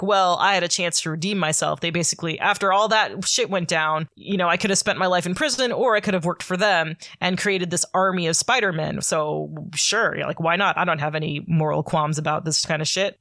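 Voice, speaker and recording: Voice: mid-range voice, a bit bright, dry recording, clean studio sound. A podcast co-host casually recapping a comic story, rambling with lots of filler words and the odd swear.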